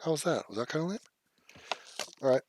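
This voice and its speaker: A man's voice: fairly high pitch, animated, fairly quick, a little mellow, dry recording. A man hosting a casual livestream, reading chat comments aloud and answering them in a blunt, profane, scoffing way. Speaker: livestream host.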